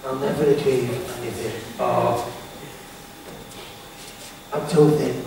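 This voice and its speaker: A man voicing his own gloomy, self-defeating inner voice in a low mutter, heard from far off in an echoey hall. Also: steady tone, takes it slowly, gravelly, background noise.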